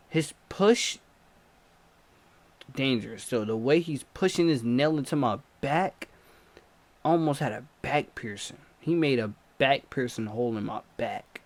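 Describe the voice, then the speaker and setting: A man telling a story in casual storytime narration, animated, with loud yells and sound effects. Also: mid-range voice. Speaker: storyteller, channel host.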